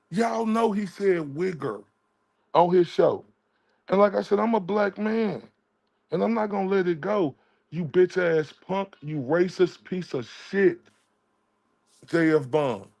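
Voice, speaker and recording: A man's voice: high-pitched, vocal fry, darkish tone. A man, ranting confrontationally and with a lot of profanity on a livestream, mocking the people he addresses. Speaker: livestream commentator. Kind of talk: heated livestream rant.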